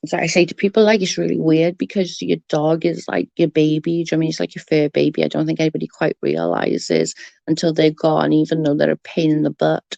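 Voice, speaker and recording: A woman's voice: sits low, quick pace, vocal fry, dark tone, no echo, highs cut off. A woman with a Welsh accent chatting casually on a live stream, greeting viewers by name in an earnest, emotional way. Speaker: livestream host.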